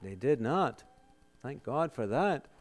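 A man preaching a sermon, asking rhetorical questions and answering them emphatically, swinging between loud exclamations and hushed, solemn lines. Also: mid-range voice, big pitch swings, takes it slowly.

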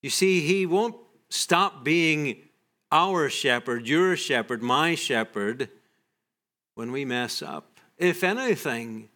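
A man preaching a sermon in a measured way, often letting his voice drop softly at the ends of phrases. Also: a little high, animated. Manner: slow, measured, drops soft at phrase ends.

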